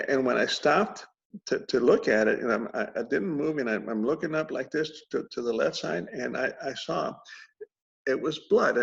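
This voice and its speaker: A man telling a personal story in a halting way, repeating words and chuckling through grim details. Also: on the high side, creaky. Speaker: interviewee recounting a combat injury. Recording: dull lo-fi recording.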